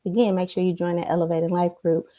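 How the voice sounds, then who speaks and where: A woman's voice: on the low side, level tone, fast talker, narrow, tinny audio. A woman giving a motivational coaching talk to a computer camera, emphatic and checking in often with tag questions. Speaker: life coach.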